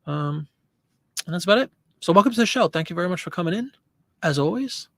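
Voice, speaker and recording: A man's voice: high-pitched, animated, fast talker, no echo, clean studio sound. A man hosting a casual live stream, chatting loosely and answering viewer comments as he rambles. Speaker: host.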